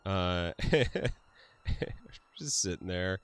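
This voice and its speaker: A man's voice: sits low, little pitch movement, extremely slow, fairly bright tone, clear, resonant tone. A man hosting a casual livestream, laughing often, swearing freely and answering his chat. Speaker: livestream host.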